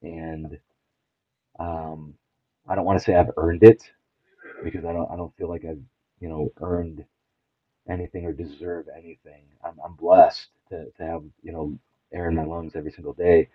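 A middle-aged man with a very deep voice talks earnestly and haltingly, restarting his sentences often. His voice comes through a thin, phone-like line with no room sound at all. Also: flat delivery, slightly rough, no room sound. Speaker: podcast guest. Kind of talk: candid personal conversation. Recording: tinny phone-like line, dry.

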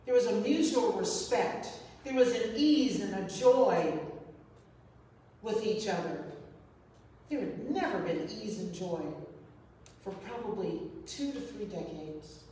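A woman's voice: medium pitch, animated, slow, warm tone, recorded from a distance, a little hiss or hum. Earnest woman in an echoey hall. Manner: earnest, repeats phrases for emphasis. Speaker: speaker sharing a personal story. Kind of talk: reflective personal storytelling.

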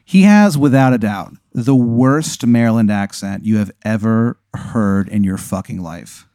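A man co-hosting a comedy podcast, telling an improvised story in a deadpan way. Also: fairly low pitch, unhurried, dry recording, studio quality. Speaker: podcast co-host.

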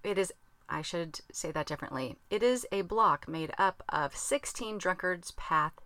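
Woman podcast host rambling chattily from a tiny closet, bright and dry, laughs at herself. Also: on the low side, animated, normal speed, dry recording. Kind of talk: casual chat. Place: small closet.

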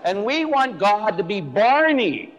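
A man, a Catholic priest, giving a blunt, animated, joking sermon to his listeners. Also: high-pitched, slow pace. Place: church. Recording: echoey church hall.

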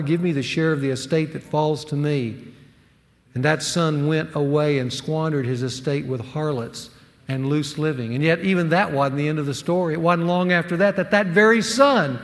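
Man, pastor, sermon, emphatic, dramatic pauses, slightly high voice. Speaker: pastor teaching a men's series. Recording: long hall reverb.

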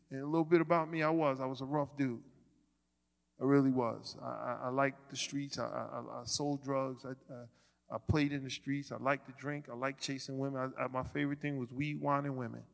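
Man, gravelly voice, sermon testimony, stammering restarts, reverberant hall. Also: mid-range voice. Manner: stammering restarts, swings from quiet to loud. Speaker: ministry leader giving testimony.

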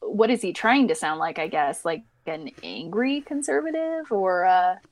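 A woman's voice: fairly low pitch, animated, moderate pace, dry recording. A woman co-hosting a podcast, explaining things in casual political chat, with hesitant restarts and occasional laughs. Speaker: podcast co-host.

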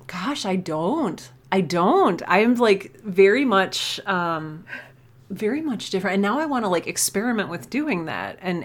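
A woman guest on a podcast over a video call, a writer talking about her craft in an enthusiastic, thoughtful way. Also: fairly low pitch. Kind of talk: casual interview chat.

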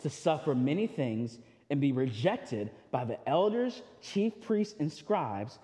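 A male pastor preaches in a high, light voice. He talks in a loose, conversational way, stumbling over words and repeating himself. The sermon rings with a long reverb from a large hall. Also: big pitch swings, a little slow, mellow. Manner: conversational preaching with frequent restarts and asides.

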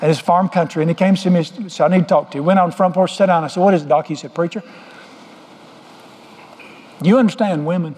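A man's voice: high-pitched, fast talker, pauses often, a little mellow. A middle-aged man preaching a sermon, folksy and joking as he tells stories. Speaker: pastor. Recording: long hall reverb.

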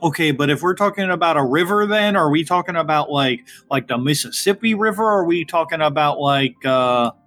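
A man's voice: on the high side, a little fast, hardly any pauses, a bit bright, faint music behind, close to an everyday voice. A man voicing a folksy middle-aged Midwestern dad with a hesitant, stretched drawl.

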